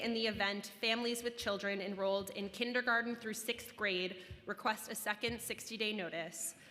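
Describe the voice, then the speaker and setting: A woman's voice: medium pitch, pushed and bright. Woman testifying in a reverberant chamber. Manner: measured, reads prepared remarks then figures. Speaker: city official testifying. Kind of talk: formal testimony. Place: council chamber.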